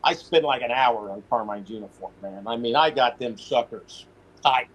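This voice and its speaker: A man's voice: medium pitch, normal speed, husky, rough recording. A man, a former prisoner, telling stories in a casual interview, quoting others as he goes. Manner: animated storyteller, quotes others in voice.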